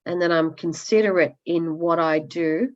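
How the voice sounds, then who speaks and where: A fairly low-voiced woman shares her progress on a casual group coaching call, loud, candid and animated, with blunt asides. Her voice comes through muffled and lo-fi, as over a web call. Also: moderate pace. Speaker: coaching client sharing progress.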